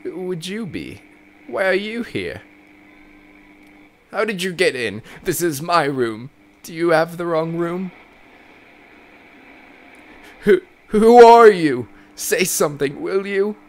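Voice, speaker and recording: A man voicing a confused elderly mother in a game, shrill and panicky. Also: sing-song, a little slow, pauses often, fairly bright tone, slight background noise, exaggerated voice. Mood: panicked.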